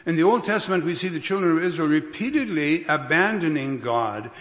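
A man preaching a sermon as a pastor, unhurried, with restarts and careful emphasis. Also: a little high, animated, a bit bright. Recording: long reverb of a hall.

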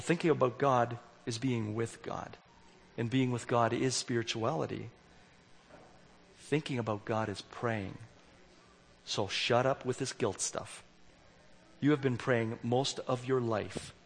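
A man's voice: medium pitch, gravelly, slightly rough. A man giving a candid, self-deprecating sermon as a youth worker, acting out his own dialogue. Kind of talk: sermon with storytelling. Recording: long hall reverb.

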